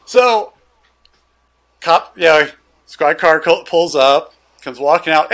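A man's voice: fairly high pitch, slow, pauses often. A man, a gun dealer, telling a story in casual chat and acting out the dialogue. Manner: animated, loose storyteller who acts out the dialogue.

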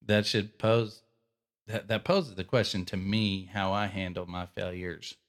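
A man with a Texan accent, co-hosting a casual faith podcast and retelling a movie scene with animated storytelling. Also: lowish voice, measured pace. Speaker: podcast co-host.

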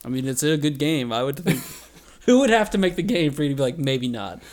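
A man's voice: a little high, big pitch swings, a little fast. A man co-hosting a podcast in casual comedic chat, laughing often and teasing his friend. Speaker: podcast co-host.

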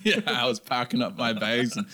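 A young man casually telling a story on a podcast, animated and jumping higher for the voices he quotes. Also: a little fast.

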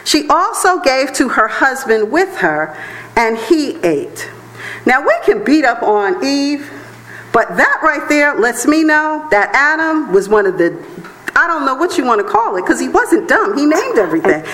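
A woman church elder preaching a sermon in a conversational, animated way, often breaking into laughs. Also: high-pitched, a little slow, rough recording.

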